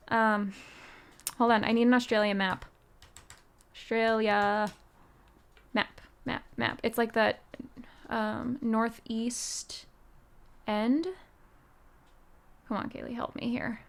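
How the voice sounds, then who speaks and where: An American musician streams live, casually answering her chat in a rambling way full of "um"s and "like"s. Her voice is fairly high-pitched, with a fairly bright, clean tone.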